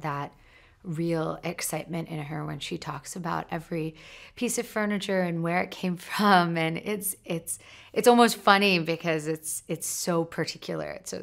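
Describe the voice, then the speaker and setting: A woman speaking in a thoughtful, halting way with restarts, giving a promotional interview soundbite as a film crew member. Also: deep voice, creaky.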